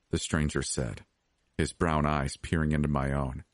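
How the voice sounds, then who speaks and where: A man reading a scripted horror story as podcast narrator, steady and measured. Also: a bass voice, dry recording, clean studio sound.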